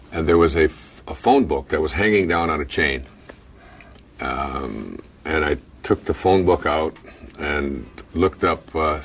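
Very deep-voiced man telling a story haltingly. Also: far from the mic. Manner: hesitant, halting with many fillers and restarts, chuckles between lines. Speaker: speaker recounting a personal story. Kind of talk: casual personal storytelling.

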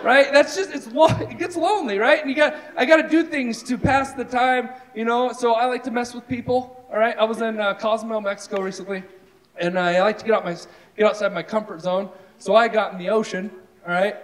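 A man with a very high voice, speaking fairly quickly, does animated, self-deprecating stand-up on a live stage, talking to the audience and full of asides. The live show has a loud crowd laughing in the background.

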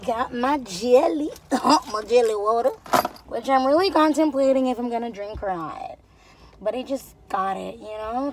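A woman's voice: sits high, slight background noise, low-quality recording. A woman chatting casually and candidly to camera, joking and slipping into creole. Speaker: vlogger. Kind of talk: casual vlog chat.

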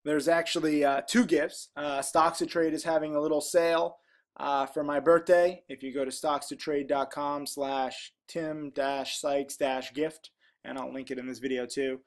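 Male host with a somewhat high voice, rambling casual chat while reading comments aloud. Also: fairly even intonation, normal speed. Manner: chatty and rambling, with frequent ums and asides. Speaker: trading educator, channel host.

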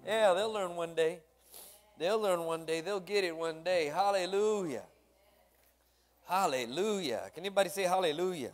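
A man leading a church service, fervent and repetitive, calling hallelujah and amen to the congregation. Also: fairly high pitch. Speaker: worship leader and drummer leading a church service. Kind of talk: lively church service exhortation and prayer. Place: church sanctuary.

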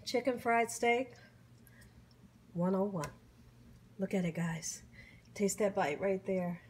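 A middle-aged woman's medium-pitched voice moves at a slow pace in her casual food-tasting vlog, with a little hiss or hum underneath. Savoring each mouthful, she hums, whoops and gives grateful, churchy blessings.

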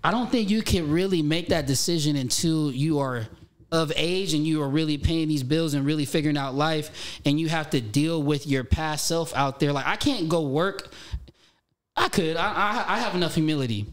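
A man in his thirties, a podcast guest, talking in animated casual chat and swearing freely. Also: fairly high pitch, moderate pace. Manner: animated, swears casually, frequent "you know". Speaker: podcast guest, former child actor.

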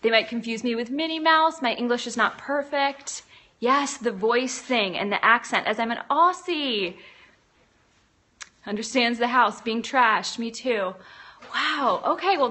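Bright chatty woman livestreaming. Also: a little high. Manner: chatty, encouraging, frequent ums and restarts. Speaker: livestream host. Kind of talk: live-stream chat, reading viewer comments. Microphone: phone camera.

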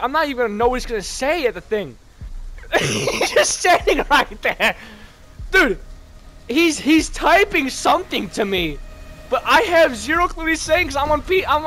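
A man hosting a horror game let's-play, commentating as he goes, yelping and shouting at scares and muttering to himself in between. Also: very high-pitched, big pitch swings, normal speed, soft background music. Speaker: gaming channel host.

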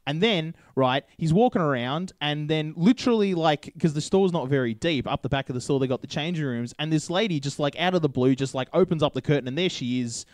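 A man's voice: a little high, a little fast, few pauses, dry recording. Chatty Australian man telling stories. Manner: chatty storyteller, keeps checking in with "right?". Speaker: podcast co-host. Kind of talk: casual chat over beers.

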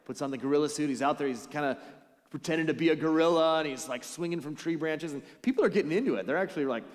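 A man's voice: a little high, fast. Man preaching in an echoing church. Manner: storytelling, conversational preaching. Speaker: pastor. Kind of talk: sermon. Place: church sanctuary. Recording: church hall with long reverb.

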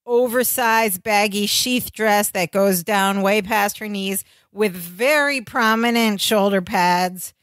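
A woman's voice: medium pitch, slow pace, few pauses, fairly bright tone, no room sound. A woman co-hosting a podcast, chatting casually as she narrates a sitcom's scenes and quotes its characters. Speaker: podcast co-host. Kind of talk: casual chat recapping a sitcom.

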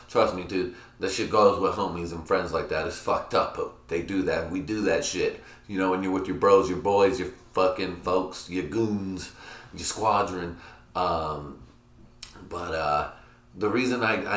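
On his solo podcast, a young man with a low, slightly bright voice rants casually at a normal speed, rambling crudely and cracking himself up. The computer-mic recording carries the echo of the room.

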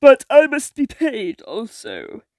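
A woman's voice: high voice, huge pitch swings, slow, darkish tone, no echo, pitched above the performer's own voice, exaggerated voice. A woman voicing a cruel, cackling old sea witch in a storybook reading, gloating and menacing.

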